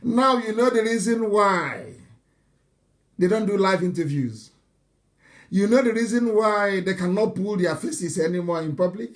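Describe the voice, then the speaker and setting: A man giving a live political broadcast, mocking and animated, swinging between loud outbursts and low asides. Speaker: broadcaster addressing followers.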